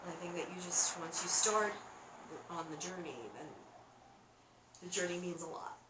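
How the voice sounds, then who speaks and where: A woman's voice: fairly low pitch, fairly even intonation, heavy background noise. Reflective woman, distant roomy mic. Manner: reflective, unhurried, encouraging. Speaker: podcast co-host. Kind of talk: casual spiritual chat.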